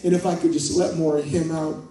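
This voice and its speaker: Fairly high and mellow, the man's voice moves quickly with little change in pitch. He is a pastor preaching a conversational sermon in a church sanctuary, sharing stories, calling to his congregation, and building into fervent prayer. The echoey hall is recorded from a distance.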